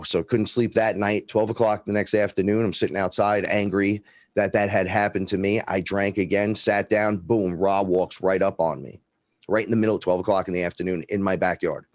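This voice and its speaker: A man's voice: sits low, fairly quick, no room sound. A middle-aged man from the Bronx, telling personal stories as a guest and acting out the dialogue. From the Bronx, New York. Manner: animated storyteller, acts out quoted dialogue, swears freely. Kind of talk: casual storytelling.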